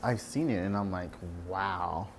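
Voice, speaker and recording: Low-voiced man ranting candidly. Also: moderate pace, darkish tone, a little hiss or hum. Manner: candid, swears freely, mimics patients. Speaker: ultrasound technologist. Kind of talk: casual ranting monologue.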